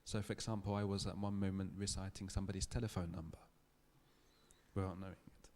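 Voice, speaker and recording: A man giving a public lecture, telling a story in a thoughtful, measured way with small restarts. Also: low-pitched, level tone, mellow, a little hiss or hum. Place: lecture hall.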